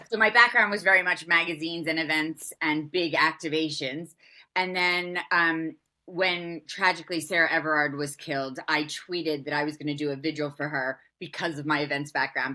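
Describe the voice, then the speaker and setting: Woman podcast guest: very low voice, bright and forceful tone, frank, animated storytelling. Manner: animated, fast-flowing and frank, with fillers. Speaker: guest, campaigner and former events organiser. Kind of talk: conversational interview storytelling.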